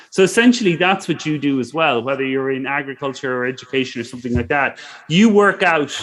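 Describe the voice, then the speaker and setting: A man's voice: a little high, fairly bright tone. Middle-aged male guest lecturer for an online startup session, casual, rambling delivery with lots of "you know.". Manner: loose and conversational, peppered with "you know" and self-corrections.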